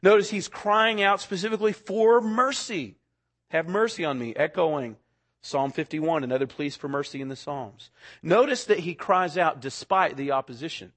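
A pastor preaching a sermon, swinging between loud, urgent lines and hushed, quiet ones. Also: male voice, a little high, normal speed.

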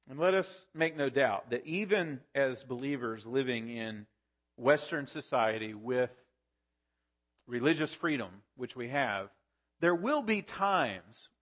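A man preaching a sermon as pastor, emphatic, with sudden climbs to excited peaks and drops to quiet, low stresses.

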